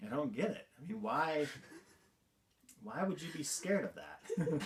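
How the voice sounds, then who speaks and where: A man's voice: on the high side, very animated, measured pace, pauses often. A man hosting a vlog, giving a casual movie review in an amused, incredulous manner and laughing often. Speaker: vlog host.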